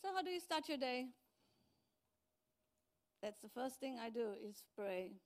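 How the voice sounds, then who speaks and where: A middle-aged woman pastor preaching a sermon, telling stories with lively acted-out quotes. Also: high-pitched, unhurried. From outside New Zealand. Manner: animated storytelling with acted-out quotes.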